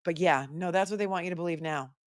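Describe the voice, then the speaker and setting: A sarcastic woman attorney talks over courtroom clips in a low, dry voice. She comments live and pointedly, with a close, dead-sounding mic. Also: fast talker, dry recording. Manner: sarcastic, animated asides. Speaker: attorney commentator hosting a livestream.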